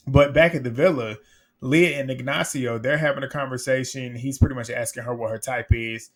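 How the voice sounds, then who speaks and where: A man recapping a reality dating show in casual commentary, blunt and animated, laughing often. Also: medium pitch, fast.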